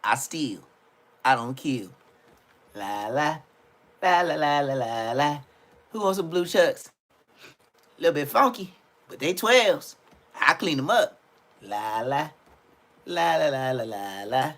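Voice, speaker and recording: A man's voice: fairly high pitch, animated, slow pace, long pauses, fairly bright tone, exaggerated voice. A man doing a gloating neighborhood bully. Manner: gloating, sing-song humming. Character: swaggering grown male neighborhood bully thief.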